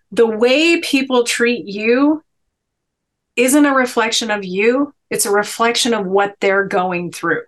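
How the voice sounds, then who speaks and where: A middle-aged woman speaks earnestly and with emphasis, building her stories toward a heartfelt message. Her pitch sits in an ordinary middle range for a woman. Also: fairly bright tone. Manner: earnest, emphatic storytelling with inspirational lines. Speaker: podcast guest. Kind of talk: storytelling in a sit-down interview.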